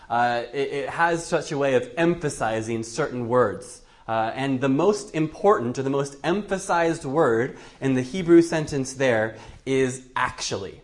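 A male preacher giving a Bible teaching sermon, thinking aloud with frequent restarts. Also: medium pitch. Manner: thoughtful, with frequent restarts and fillers.

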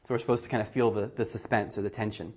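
A man preaching a sermon, reading scripture aloud and acting out the quoted speakers with animated shifts in voice. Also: rapid-fire, slightly rough. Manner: animated, acts out quotes with rising pitch. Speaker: pastor.

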